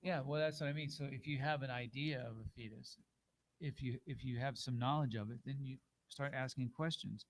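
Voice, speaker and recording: A man leads an informal class in a middle-pitched voice. He coaches with patience and encouragement. His talk is unhurried and plain. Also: low-quality recording. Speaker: teacher.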